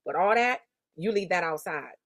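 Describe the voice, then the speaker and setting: A woman's voice: fairly low pitch, animated, moderate pace, fairly bright tone, no echo, clean studio sound. A woman voicing a blunt, scolding old woman in her seventies. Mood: stern. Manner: scolding, no-nonsense.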